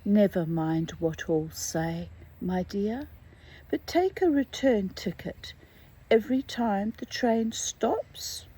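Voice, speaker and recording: A woman reading aloud and voicing a prim, fussy gentleman passenger. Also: medium pitch, slow pace, slightly rough. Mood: confiding. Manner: prim, confiding. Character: fussy gentleman dressed in white paper.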